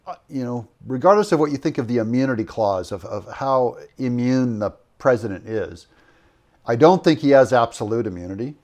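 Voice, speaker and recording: Male political commentator, mid-pitched, rambling and opinionated, lots of fillers and self-corrections. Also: a little mellow. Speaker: political commentator in a played clip.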